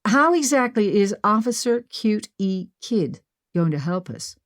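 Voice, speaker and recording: A woman's voice: medium pitch, big pitch swings, a little slow, pitched above the performer's own voice. A woman narrator voicing a nervous, reluctant young woman who talks doubtfully. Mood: anxious. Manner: anxious, doubtful.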